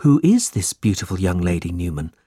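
A man's voice: low-pitched, very animated, brisk, mellow, breathy edge, no room sound, studio quality, voice pushed down, full character voice. A man voicing an earnest, brave young man in a storybook reading, urgent and sincere.

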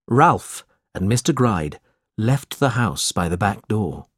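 A man narrating a simple storybook in a plain, measured way. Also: deep voice, lively intonation, fairly bright tone, breathy edge, dry recording, clean studio sound.

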